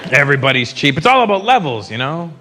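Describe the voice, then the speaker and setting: A man's voice: a little high, sing-song, fast talker, a little hiss or hum. A male stand-up comedian performing live, brash and profane, who keeps slipping into mocking character voices. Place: large arena in front of a live audience. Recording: live arena recording with loud crowd laughter.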